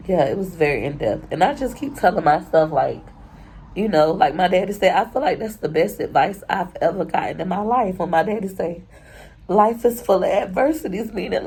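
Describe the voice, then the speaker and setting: A woman's voice: fairly low pitch, darkish tone, slightly rough, rough recording. A young woman, crying as she talks through a personal vlog, rambling and candid. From Florida. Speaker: YouTuber.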